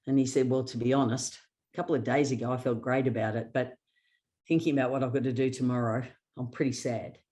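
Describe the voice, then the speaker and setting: A woman with a notably low voice leads a motivational workshop. She tells personal anecdotes, slips into the voices of the people she quotes and laughs easily. She sounds middle-aged. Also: steady tone, fast, mellow. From Australia. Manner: storytelling with acted quotes and sarcasm; laughs often. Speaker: workshop presenter.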